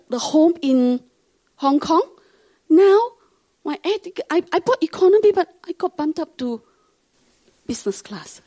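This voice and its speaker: Animated Singaporean woman telling a testimony. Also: high voice. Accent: Singaporean English. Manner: animated, acts out the people she quotes. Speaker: pastor's wife giving a testimony. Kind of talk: testimony storytelling to a congregation.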